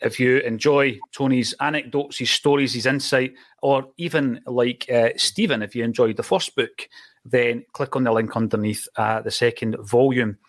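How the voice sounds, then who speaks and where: A man's voice: medium pitch, steady tone, normal speed. A man hosting a podcast, chatting casually and encouraging his guest with short affirmations. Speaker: host. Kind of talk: casual chat.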